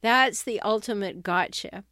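Smooth-voiced wry woman author. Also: mid-range voice, measured pace, sharp tone, no room sound, studio quality. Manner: wry, direct, with uneasy laughs. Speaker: self-help author and speaker. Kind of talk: conversational talk to camera or listeners.

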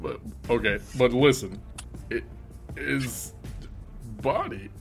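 A man's voice: mid-range voice, takes it slowly, soft background music. A man voicing a confused, mopey male tavern guest who rambles earnestly.

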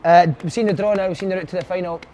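A Scottish man hosting a casual football chat, quick and teasing with his panel. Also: high-pitched, fairly even intonation, dark tone, slight background noise. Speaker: podcast host.

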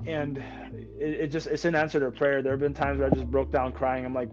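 A man, a military veteran and podcast guest, telling faith stories in an earnest, excited way. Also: mid-range voice, brisk, dull audio, over music. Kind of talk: conversational podcast interview.

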